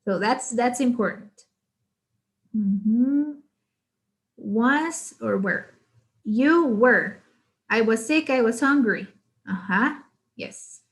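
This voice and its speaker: A young woman with a Guatemalan Spanish accent leads an online English class. Her voice sits a little high, and she switches between English and Spanish, adding a questioning "right?" after nearly every point. She explains things patiently and slows down to model example sentences. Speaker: English teacher.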